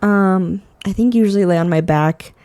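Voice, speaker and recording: A woman's voice: mid-range voice, moderate pace, warm tone. A woman co-hosting a podcast, talking in a loose, conversational way. She is chatty and laughs easily as she goes. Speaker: podcast co-host. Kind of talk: casual chat.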